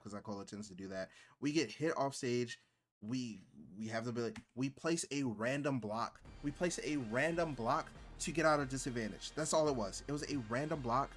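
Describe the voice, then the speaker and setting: A man's voice: medium pitch, fairly bright tone. A man streaming and commenting on gameplay in a rambling, exasperated way, full of filler words.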